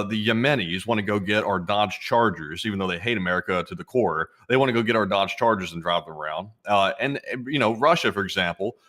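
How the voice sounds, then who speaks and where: Relaxed young man reading donations. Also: lowish voice. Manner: relaxed, rambling, filler-heavy. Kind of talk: casual livestream chat.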